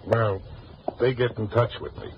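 An actor playing a blunt, streetwise, middle-aged theater owner in a 1940s radio drama, with slangy talk. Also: male voice, mid-range voice, steady tone, moderate pace, noisy background, natural voice. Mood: confiding. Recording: dull lo-fi old radio recording.

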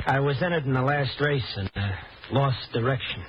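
An actor playing a smooth-talking, evasive young con man on the run in an old radio drama. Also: medium pitch, normal speed, close to an everyday voice. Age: young adult. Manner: glib, evasive, sly. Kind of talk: 1940s radio acting. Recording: dull old radio recording with hiss.

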